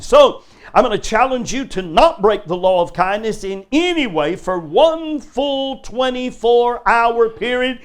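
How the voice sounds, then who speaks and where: An older man preaches to a church congregation, his voice sitting notably high for a man. He drives his points home with repeated, emphatic questions put straight to his listeners. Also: expressive, unhurried. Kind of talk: live sermon. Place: church service before a congregation.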